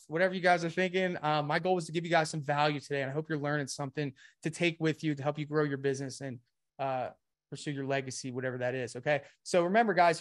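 A man giving a live webinar sales presentation, talking energetically and a bit winded, often saying "okay" and "guys". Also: fairly high pitch.

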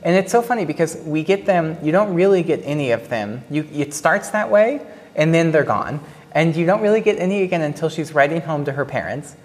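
A woman with a low voice talks to an audience in a casual, reflective way. She searches for her words and leans on fillers as she goes. Her voice rings with a long reverb from a large hall. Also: animated, fairly quick. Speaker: panelist at a pre-show talk about an opera.

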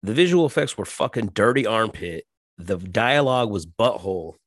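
A man's voice: fairly low pitch, expressive, moderate pace, fairly bright tone, dry recording, studio quality. A man in his forties rambling crudely through a casual monologue, swearing constantly and slipping into mimicked voices. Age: 40s. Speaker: podcast host.

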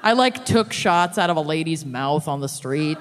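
A woman's voice: sits low, animated, normal speed. A woman co-hosting a live podcast in front of an audience, joking in a brash way. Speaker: podcast co-host. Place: live stage before an audience. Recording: live show in a hall, audience noise.

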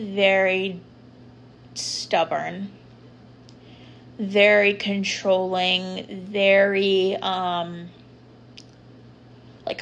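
Young woman host, slow and chatty, filler-heavy solo talk, light noise behind. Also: medium pitch, gravelly. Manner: chatty, rambling, lots of ums and likes. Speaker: podcast host. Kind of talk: casual solo podcast talk.

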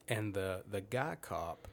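Profane man telling a story. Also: fairly low pitch. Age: 30s. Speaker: podcast guest. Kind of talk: casual storytelling.

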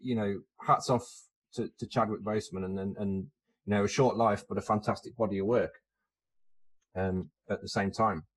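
Halting man, low voice. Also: steady tone, husky. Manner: hesitant, many fillers and restarts. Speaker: podcast co-host. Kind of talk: casual chat.

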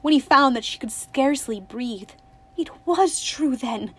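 A woman narrating a novel in steady, expressive audiobook style. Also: sits high, unhurried, breathy edge.

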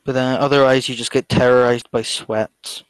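Young scottish man, mid-pitched voice, wry blunt teasing, dry close sound. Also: level tone, normal speed, smooth, no echo, poor audio. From Scotland. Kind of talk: casual chat.

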